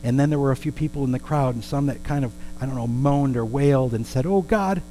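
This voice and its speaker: A man's voice: medium pitch, flat delivery, fast talker, warm tone, slight background noise, rough recording. A man preaching a storytelling sermon in a conversational way, with asides and questions to the congregation.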